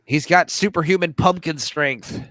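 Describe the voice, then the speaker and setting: A man's voice: a little high, normal speed, a bit bright, dry recording. A man giving wisecracking, profane commentary during a casual movie watch-along. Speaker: podcast guest.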